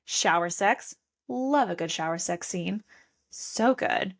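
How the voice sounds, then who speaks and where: A woman in her thirties co-hosts a book podcast, chatting casually, gushing and laughing, and reading lines aloud in playful voices. Her voice is lowish and expressive, and she takes her time.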